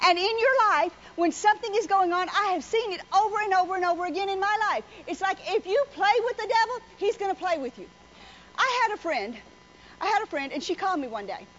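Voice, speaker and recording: A woman's voice: very high-pitched, expressive, brisk, fairly bright tone. A woman preacher delivering a folksy, joking sermon full of stories. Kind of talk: sermon with storytelling. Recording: slightly muffled with faint noise.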